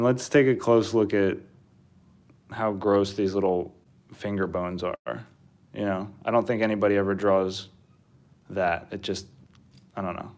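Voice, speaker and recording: A man's voice: lowish voice, darkish tone. A man giving rambling, self-deprecating live commentary while he draws, laughing often. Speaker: drawing streamer. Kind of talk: casual live drawing commentary. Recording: very echoey room.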